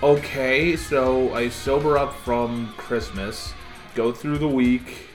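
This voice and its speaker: A man's voice: mid-range voice, fairly even intonation, slow pace, soft background music. A man co-hosting a podcast in casual chat, wry and self-mocking. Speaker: podcast co-host.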